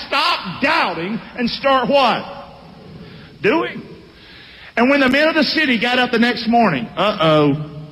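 A man, preaching a sermon and calling for responses from the congregation. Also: high voice. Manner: animated, calls for responses from the congregation. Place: church sanctuary. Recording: long reverb of a large hall.

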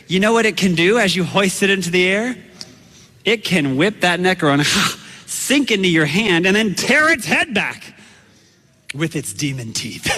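With a high, bright voice and a lively, bouncy delivery, a man preaches his sermon as a story, acting out the shouts he gave. Each line fades into a long hall reverb.

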